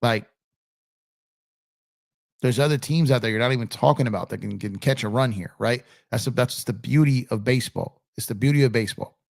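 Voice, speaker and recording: A man's voice: mid-range voice, a little fast, gravelly, no echo, studio quality. A man hosting a casual live-stream sports chat, recovering from a cold, laid-back and repeating himself as he reads out chat.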